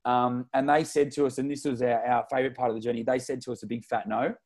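Male podcast guest in his twenties, Australian accent, from Melbourne. Excitable, slangy storyteller who acts out other people's lines. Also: mid-range voice, fast. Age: 20s. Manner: excitable, slangy, tells stories with lots of retold dialogue. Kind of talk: casual interview storytelling.

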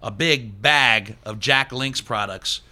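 A man's voice: mid-range voice, takes it slowly, bright, forceful tone. A man hosting a casual interview, teasing his guest and trading road stories. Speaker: podcast host.

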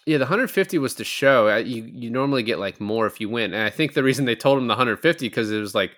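A man's voice: mid-range voice, animated, fast talker, hardly any pauses, a bit bright. A man co-hosting a casual movie podcast, retelling scenes and acting out the lines, swearing casually. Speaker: podcast co-host. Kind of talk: casual movie review chat.

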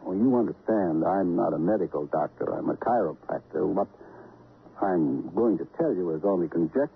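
An actor playing a halting, confessional chiropractor who was quietly drawn to a patient, in a 1950s radio drama. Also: male voice, low-pitched, lively intonation, gravelly, slight background noise. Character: hesitant, lovelorn middle-aged male chiropractor. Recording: tinny old radio broadcast.

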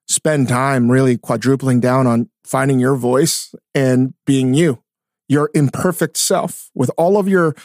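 A man co-hosting a casual podcast, talking in an animated way, swearing often and restarting his sentences. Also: mid-range voice, no room sound, studio quality. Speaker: podcast co-host, chef. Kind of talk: casual chat. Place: studio.

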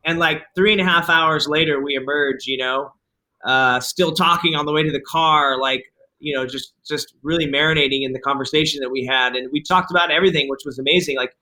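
A man's voice: on the high side, fairly even intonation, fairly quick, bright, forceful tone, rough recording. A man, a film director being interviewed, telling a story casually and acting out the quotes.

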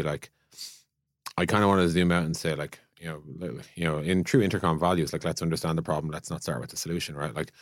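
Fast-talking deep-voiced man, casual. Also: no room sound, clean studio sound. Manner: thinks aloud with many "like" fillers and restarts. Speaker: podcast co-host, product leader. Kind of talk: casual conversational podcast chat.

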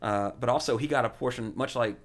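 A man in casual podcast chat who rambles enthusiastically, full of uhs and you-knows. His voice sits at an ordinary middle pitch. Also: a little fast. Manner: rambling, lots of fillers, enthusiastic. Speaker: podcast host.

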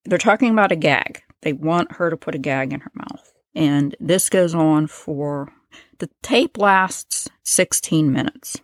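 A woman with a low voice narrates a true-crime story in a relaxed, conversational way, stopping to explain what she reads from a transcript. The sound is dry and close, with no room around it. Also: unhurried, no room sound. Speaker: podcast host.

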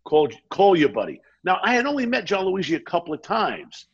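A man tells a rambling story in a casual chat. His voice is fairly high for a man, gravelly and a bit husky, and he keeps acting out the people in the story. The audio is dull and lo-fi. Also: brisk. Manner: animated, quotes people mid-story. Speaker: guest.

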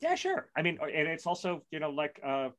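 A man's voice: on the high side, huge pitch swings, normal speed, a bit bright. A man co-hosting a music podcast, arguing his point in a blunt, emphatic way. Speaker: podcast co-host. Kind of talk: casual music chat.

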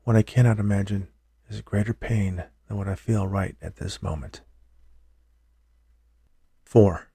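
A man reading a first-person audiobook in a somber, measured way. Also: on the low side, steady tone, gravelly, dark tone, breathy edge, no room sound. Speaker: audiobook narrator.

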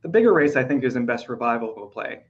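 A man's voice: medium pitch, very animated, quick pace, dull audio. A man hosting a casual awards-prediction podcast, talking chattily with fillers while losing his voice. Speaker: podcast host.

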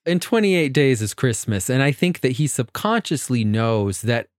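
A man's voice: mid-range voice, big pitch swings, moderate pace, no echo. Giggly man in a dry room. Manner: giggly, builds on jokes, loose rambling banter. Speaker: podcast co-host. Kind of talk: casual chat, joking movie analysis.

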